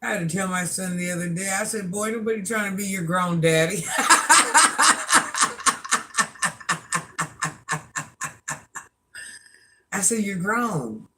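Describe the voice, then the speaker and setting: A woman's voice: mid-range voice, brisk, few pauses, heavy background noise. A woman in her fifties hosting a casual livestream chat, a chatty storyteller who laughs at herself as she talks to her viewers. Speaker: livestream host.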